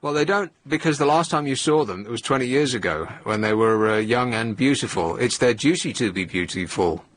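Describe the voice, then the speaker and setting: In a radio studio, a man speaks into a studio microphone at medium pitch, animated and fairly quick with hardly any pauses. He hosts a late-night radio phone-in and teases his callers with dry, sardonic humor.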